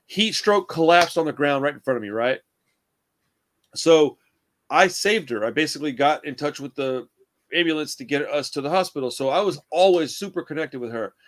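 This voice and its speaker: Casting: young guy, rambling storyteller, curses freely, fairly high voice. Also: expressive, normal speed. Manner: rambling storyteller, swears a lot, says dude and bro. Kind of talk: casual chat.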